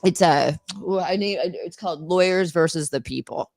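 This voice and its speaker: A woman's voice: on the low side, normal speed, creaky, darkish tone, dry recording. A middle-aged American woman, an attorney, chatting casually on a podcast, rambling with many fillers and frequent laughs. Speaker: attorney and author, podcast regular.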